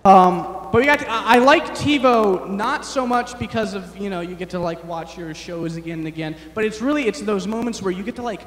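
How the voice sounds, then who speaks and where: A young man performing a rambling, self-deprecating stand-up set, halting often with fillers. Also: high-pitched, a bit bright, reverberant, big-room sound. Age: young adult. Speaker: stand-up comedian. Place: large chapel hall on stage.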